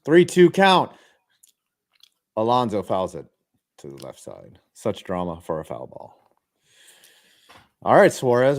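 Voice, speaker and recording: Dude cussing and joking while calling a ball game pitch by pitch, podcast vibe. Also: male voice, very animated, measured pace, pauses often. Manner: profane, joking, calls each pitch. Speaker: podcast host. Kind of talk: casual chat with live baseball play-by-play.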